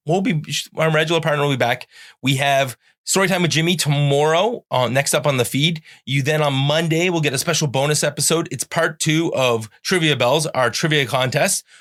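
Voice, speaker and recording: A middle-aged man from Canada hosts a relaxed podcast, his voice sitting at an ordinary middle pitch. He rambles loosely through the rundown and the show plugs and jokes with his guest. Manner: rambling plugs, playful sound-effect buzzers. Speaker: podcast host. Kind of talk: casual podcast chat.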